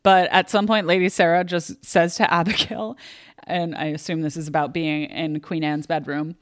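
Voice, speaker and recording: A woman's voice: lowish voice, moderate pace, no echo, clean studio sound. A woman co-hosting a casual film review chat, playful and teasing, laughing often. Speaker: co-host of a film review show.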